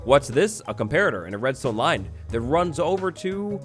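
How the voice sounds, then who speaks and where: A man's voice: mid-range voice, very animated, normal speed, hardly any pauses. A young man hosting a game tutorial, explaining mechanics in an upbeat, playful way and acting out little scenes. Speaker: Minecraft tutorial host. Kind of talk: gameplay tutorial narration. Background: background music.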